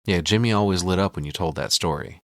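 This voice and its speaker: Male podcast co-host, low voice, casual and profane, does the characters' lines while recapping. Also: fast talker, fairly bright tone, dry recording, studio quality. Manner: retells scenes acting out quoted lines, swears casually. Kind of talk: casual movie recap chat. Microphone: studio podcast mic.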